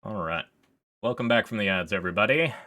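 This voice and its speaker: A man's voice: lowish voice, fast talker, sharp tone. A man streaming a visual novel, chatting casually in a rambling way and reading the game's text aloud. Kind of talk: casual livestream commentary while playing a visual novel.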